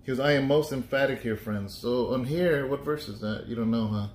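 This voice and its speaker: A man's voice: medium pitch, brisk, a little hiss or hum. A man pastor leading a casual Bible study, chatty and joking, thinking aloud with restarts. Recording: echoey room.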